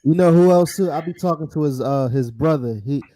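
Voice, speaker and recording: A man's voice: a little high, fairly quick, dark tone, no room sound. A man hosting a casual sports talk stream, laid-back and rambling. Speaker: podcast host.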